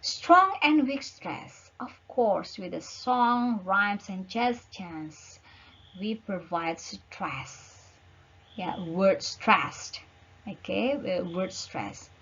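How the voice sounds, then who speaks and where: Husky woman lecturer, slow and searching for words, on a dull lo-fi recording. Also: medium pitch, fairly bright tone. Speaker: teacher. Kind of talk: online lecture.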